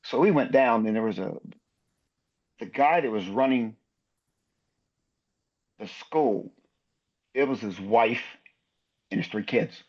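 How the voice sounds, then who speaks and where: A man's voice: medium pitch, takes it slowly, pauses often. Lo-fi storytelling older man. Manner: lively anecdotal storyteller, acts out other people's lines. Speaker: basketball referee guest. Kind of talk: storytelling in a podcast interview.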